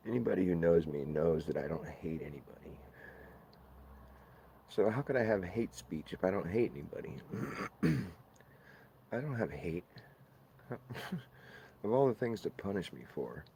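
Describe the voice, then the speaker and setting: A man's voice: low-pitched, animated, normal speed, gravelly, dark tone, a little hiss or hum. A man on a live stream, talking in a rambling, profane rant full of playful wordplay.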